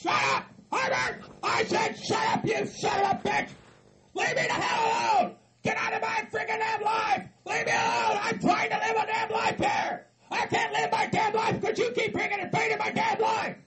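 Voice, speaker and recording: A man voicing a paranoid, furious hillbilly who yells curses nonstop in a raspy, screeching voice. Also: very high voice, lively intonation, moderate pace, crowd noise, pitched above the performer's own voice. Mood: ranting. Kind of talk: hobby comedy skit acting.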